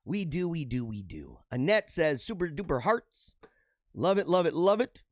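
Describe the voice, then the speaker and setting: Lively, high-voiced man hosting a livestream. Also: moderate pace, dry recording, clean studio sound. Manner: animated, talks with feeling, drops pitch low for asides. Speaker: livestream show host. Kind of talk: casual livestream chat reading comments. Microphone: radio-style studio mic.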